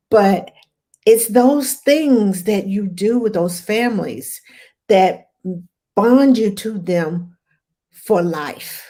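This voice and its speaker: Warm, expressive, and mid-range, this career nanny's voice takes its time as she chats and tells stories. She acts out the people she quotes and laughs often.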